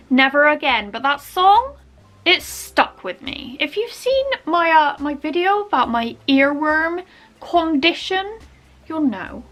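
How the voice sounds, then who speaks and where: A young woman chatting casually in her vlog, jumping into loud quoted film lines. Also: high voice. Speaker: vlogger.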